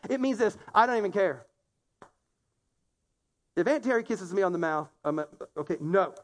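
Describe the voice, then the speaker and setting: A pastor preaching a conversational sermon, acting out quoted complaints and talking directly to a laughing congregation. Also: male voice, very high-pitched. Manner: animated, acts out quoted complaints in a raised voice.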